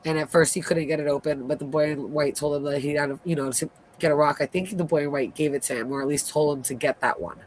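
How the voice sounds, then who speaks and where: A woman hosting a casual live recap, retelling scenes in an animated way and acting out the characters' lines. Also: low-pitched, fast talker, hardly any pauses, a little hiss or hum. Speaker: host.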